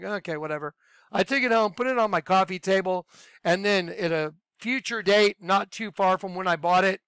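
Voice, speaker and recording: Guy preaching off the cuff, rambly and worked up, smooth clear voice, dry close sound. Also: sits high, dry recording. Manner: rambling and excitable, with fillers and bursts of raised voice. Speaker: online preacher. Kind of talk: informal preaching monologue.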